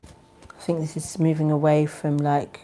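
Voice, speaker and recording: A woman hosting her own spiritual channel. She chats casually with viewers and leads a spoken prayer, keeping her voice soft and low. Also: slight background noise. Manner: deliberately soft, low-volume talk; chatty and animated, with bursts of laughter. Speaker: spiritual channel host and tarot reader.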